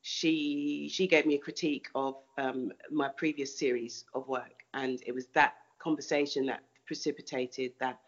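A woman's voice: very deep voice, fairly even intonation, normal speed, few pauses, lo-fi sound. A woman artist answering interview questions thoughtfully, often restarting and repeating words.

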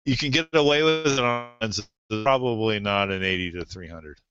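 A man with a low, bright, forceful voice and a smooth, clear tone talks camera gear as a podcast guest, pausing often with "uh". The sound is dry and a little dull. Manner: gear-focused, hesitant, many uhs. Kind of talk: casual chat.

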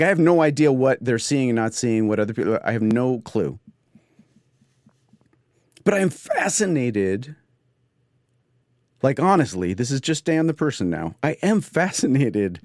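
An excitable man hosts his podcast in a rambling comedic monologue. His pitch swoops and jumps all over, and his voice sits in a dry, close studio sound. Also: no echo. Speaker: podcast host. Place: home studio.

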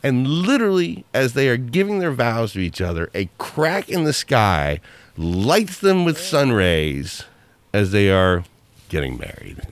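A man co-hosting a podcast, casually telling a story with lively quoted asides. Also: medium pitch, measured pace. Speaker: podcast co-host.

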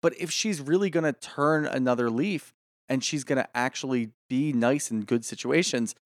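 A man co-hosting a casual podcast chat, opinionated and animated, swearing freely. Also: mid-range voice, moderate pace, no room sound, studio quality. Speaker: podcast co-host.

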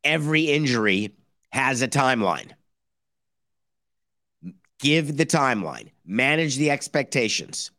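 Male podcast host, sarcastic and animated, dry close-mic sound. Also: medium pitch, a little slow, pauses often, no room sound. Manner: sarcastic, animated, mock-quoting others. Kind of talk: opinionated sports talk monologue.

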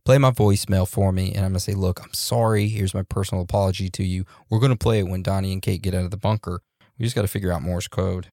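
A man co-hosting a podcast in a relaxed, joking way, reading out listener reviews with loose fillers and laughs. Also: deep voice, quick pace, no echo, clean studio sound. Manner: laid-back, laughs and jokes, loose fillers. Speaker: podcast co-host.

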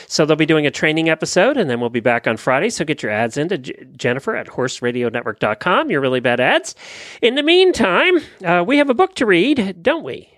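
A man's voice: high-pitched, no echo. Easygoing man hosting, dry close sound. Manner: easygoing, plugs and shout-outs. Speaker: podcast host. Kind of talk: casual chat.

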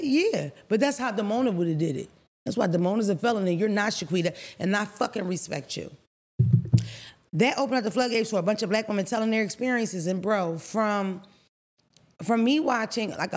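A woman co-hosting a podcast, telling a story in a blunt, profane, animated way. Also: medium pitch. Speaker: podcast co-host.

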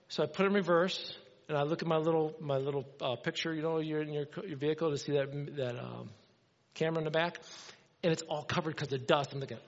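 A middle-aged man preaching a sermon, telling a story with animated energy and acting out the dialogue. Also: on the high side, brisk. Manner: animated, acts out dialogue in his stories. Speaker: pastor. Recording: dull sound with long hall reverb.

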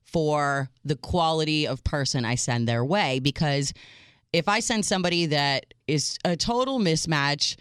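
A woman's voice: low voice, measured pace, smooth, no room sound, clean studio sound. A woman co-hosting a radio talk show, talkative and emphatic as she gives her opinions. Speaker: radio co-host.

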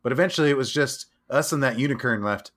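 Chill podcast dude, swears a lot, fake-serious, normal pitch. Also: male voice, quick pace, a bit bright. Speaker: podcast co-host. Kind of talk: comedic banter.

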